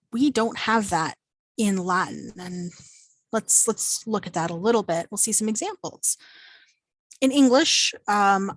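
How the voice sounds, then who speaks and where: A woman's voice: mid-range voice, no echo. A woman teaching an online introductory Latin class in a playful, chatty way with frequent ums and uhs. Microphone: video call microphone.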